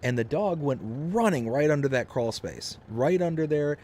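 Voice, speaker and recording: A young man casually telling a long story on a game live stream, rambling and animated, with lots of fillers. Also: fairly high pitch, moderate pace, a little hiss or hum.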